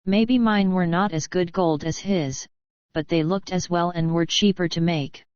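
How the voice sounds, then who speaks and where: Audiobook: woman reading a dignified, defiant young outlaw, slow and dry. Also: fairly low pitch, fairly even intonation, a little mellow, clean tone, dry recording, natural voice. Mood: cool. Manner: quick, dignified, defiant answers. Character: cool-headed young male outlaw newcomer. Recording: dull lo-fi.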